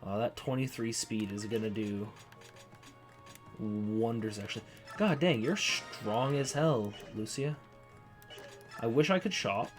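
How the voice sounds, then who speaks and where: A man's voice: lowish voice, slow, long pauses, soft background music. A man giving casual, joking commentary while he plays a video game. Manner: joking, self-mocking asides. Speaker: let's play gamer.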